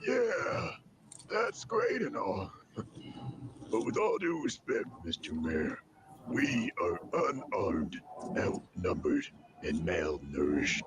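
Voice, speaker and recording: A man voicing a grave, commanding leader who speaks in a measured, formal way with dramatic pauses in an animated film. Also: low-pitched, noisy background, exaggerated voice. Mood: doubtful.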